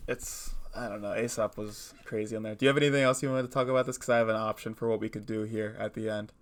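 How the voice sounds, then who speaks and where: A man's voice: fairly low pitch, steady tone, fast talker. A man co-hosting a podcast in casual chat, rambling, laughing often and acting out short animal voices. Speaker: podcast co-host.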